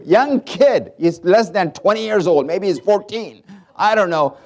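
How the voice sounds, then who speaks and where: A middle-aged man preaching a sermon, telling stories dramatically and swinging from loud to hushed. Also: sits high, lively intonation, normal speed. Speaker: pastor.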